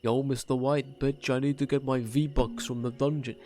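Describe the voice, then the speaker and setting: A man doing a deliberately poor impression of a brash young TV character. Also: medium pitch, flat delivery, voice pushed up, lightly acted. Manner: loud, deliberately bad impression.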